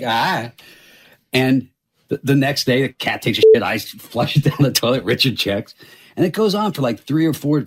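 Laughing male storyteller, lively pitch. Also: husky. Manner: animated storyteller, laughing through it. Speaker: actor telling a story in an archive clip. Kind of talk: comic anecdote.

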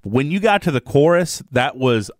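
A man's voice: mid-range voice, animated, moderate pace, no echo. A man on a radio show giving a candid, self-deprecating critique in casual banter. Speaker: radio co-host, judge.

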